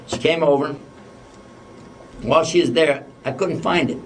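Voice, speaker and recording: A man's voice: on the high side, normal speed, distant mic, a little hiss or hum. A man giving a religious lecture, telling a humorous personal story and acting out the dialogue. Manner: humorous, anecdotal, acts out dialogue.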